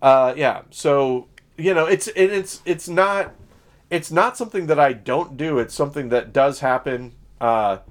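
A man's voice: a little high, measured pace. Rambling man from Southern Illinois. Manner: rambling, many fillers and self-corrections. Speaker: podcast co-host. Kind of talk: casual conversational chat.

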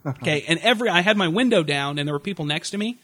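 A young man ranting in a casual comedic way, swearing a lot and acting out shouted impressions. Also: fairly high pitch, fast talker, no echo. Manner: profane, animated, yells impressions of people.

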